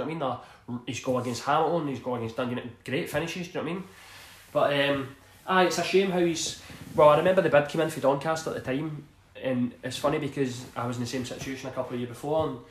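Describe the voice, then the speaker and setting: A man's voice: mid-range voice, roomy sound. A Scottish man in his thirties, a former footballer, telling rambling stories in a casual interview and laughing often. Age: 30s. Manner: rambling, laughs often, says "do you know what I mean". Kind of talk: casual storytelling.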